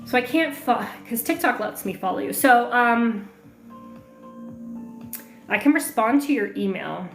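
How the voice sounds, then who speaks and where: A woman's voice: a little high, animated, measured pace, pauses often. A woman coaching on a livestream, chatting casually, reading viewer comments aloud and answering questions with plenty of fillers. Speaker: online marketing coach hosting a livestream. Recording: echoey room with faint music.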